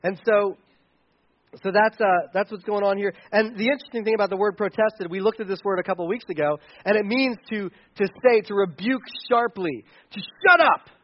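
A man with a rather high voice preaches a sermon in a loose, conversational way, often starting sentences over. The recording sounds dull and lo-fi. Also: a little fast, few pauses. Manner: conversational preaching with frequent restarts and fillers. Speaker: pastor.

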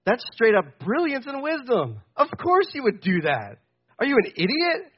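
High-voiced young pastor preaching animatedly. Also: male voice, moderate pace, breathy edge, highs cut off. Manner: animated and conversational, swinging from loud to quiet; acts out quoted voices. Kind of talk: sermon. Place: church stage.

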